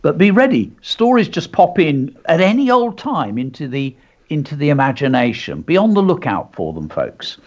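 A man's voice: a little high, normal speed, highs cut off. A man hosting a chatty show, telling anecdotes and reading out a short story of his own. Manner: chatty, animated, drops into character voices. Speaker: host. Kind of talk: casual chat and storybook reading.

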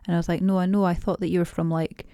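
A woman's voice: lowish voice, little pitch movement, rapid-fire, dark tone, no echo. A young Scottish woman, a podcast guest, talking casually and hesitantly with many restarts and fillers. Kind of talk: casual interview conversation.

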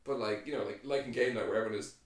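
A man's voice: mid-range voice, racing. An Irish man in casual chat, swearing freely and restarting his sentences as he gets worked up. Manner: profane, animated, lots of restarts. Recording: very echoey room, distant mic.

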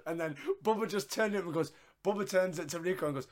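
A man's voice: high voice, fast talker. A man co-hosting a casual wrestling review, laughing often and swearing freely. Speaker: podcast co-host.

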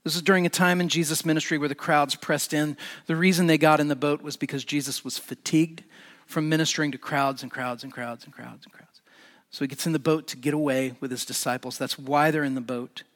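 A male pastor delivers a sermon in a slightly high voice, animated and building to emphatic peaks. His words ring out with a long reverb, as in a large hall. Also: brisk.

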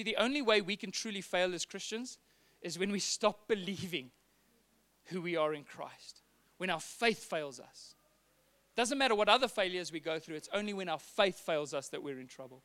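A man's voice: high-pitched, bright, forceful tone, smooth. A man preaching a sermon, earnest, acting out the dialogue he quotes. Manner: earnest, acts out quoted dialogue, some repeated words.

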